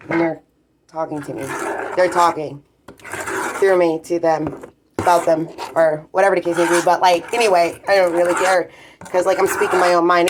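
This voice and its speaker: A woman's voice: medium pitch, noisy background. A woman in a heated, rambling monologue, swearing constantly as she vents. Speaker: vlogger. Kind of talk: profane ranting monologue.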